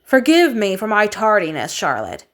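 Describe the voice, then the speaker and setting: A woman voicing a dapper, grinning male radio demon who speaks with courtly suavity in a lowered voice. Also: huge pitch swings, normal speed. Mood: suave.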